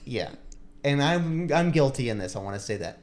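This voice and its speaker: A man's voice: medium pitch, very animated, moderate pace, a little mellow. A young man on a podcast telling a long story in a casual, rambling way, full of likes and restarts. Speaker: podcast co-host.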